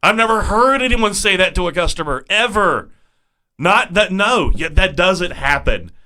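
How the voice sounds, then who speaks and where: A high-voiced man gives amused commentary in a casual podcast conversation. His voice is bright and forward. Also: animated, moderate pace. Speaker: podcast co-host. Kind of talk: casual movie-review chat.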